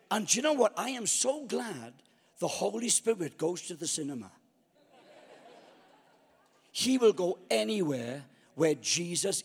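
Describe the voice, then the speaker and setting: A man's voice: high-pitched, slightly rough, in a large hall. A man preaching a storytelling sermon, acting out his own past thoughts.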